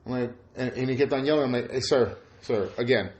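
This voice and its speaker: A man co-hosting a podcast, telling stories in casual chat with lively acted-out quotes and plenty of swearing. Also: medium pitch, a little fast. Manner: animated storytelling, acts out quotes, heavy swearing. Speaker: podcast co-host.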